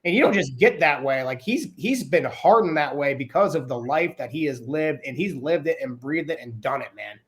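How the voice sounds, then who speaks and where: A man, a podcast guest, in casual chat, talking in an animated, rambling way with many fillers. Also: on the high side, moderate pace, few pauses. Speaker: podcast guest, Olympic wrestler.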